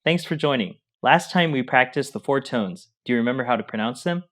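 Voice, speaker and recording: A man's voice: medium pitch, lively intonation, a little fast, fairly bright tone. Man co-hosting a language lesson. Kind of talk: explaining lesson steps.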